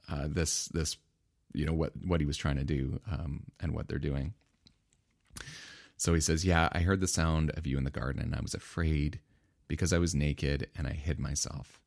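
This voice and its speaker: A man preaching a sermon in a casual, laughing, animated storytelling manner. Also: low-pitched, no room sound, clean studio sound. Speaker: pastor.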